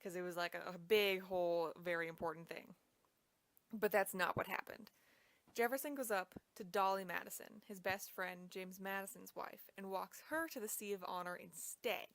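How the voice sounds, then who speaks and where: A woman's voice: medium pitch, normal speed, no echo. A young woman casually retelling a history story, chatty and full of fillers. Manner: chatty, lots of "like".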